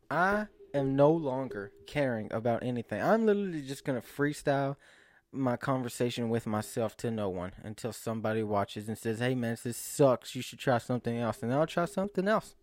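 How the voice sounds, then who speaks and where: A man's voice: mid-range voice, lively intonation, moderate pace, dry recording. A young man vlogging to camera in a rambling, self-mocking monologue, often breaking into laughs and sighs.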